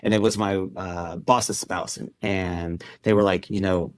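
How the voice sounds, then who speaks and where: A man who founded an endurance club tells a personal story as a podcast guest, conversational and acting out what people said to him. His low voice is fairly even in intonation and unhurried. There's no room sound.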